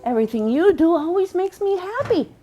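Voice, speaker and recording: A woman storyteller voicing a sad, homesick star woman who speaks quietly. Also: extremely high pitch, big pitch swings, a little fast, faint music behind, voice pushed up. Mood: wistful.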